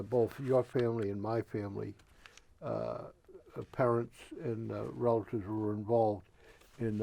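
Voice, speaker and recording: A male TV host asking a guest questions in a slow, halting way with many filler pauses, in a community TV studio. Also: mid-range voice, vocal fry, mellow. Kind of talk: interview questions.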